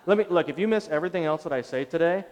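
A middle-aged male pastor delivers a sermon in an animated, self-deprecating storytelling manner. His voice sits a little high for a man, and a long reverb from a large church hall trails behind each phrase. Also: very fast.

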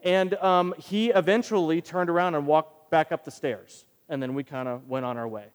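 A man preaching a sermon as pastor, telling a personal story with animated delivery. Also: fairly high pitch, moderate pace, clear, resonant tone. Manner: animated storytelling, acting out other voices. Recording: long hall reverb.

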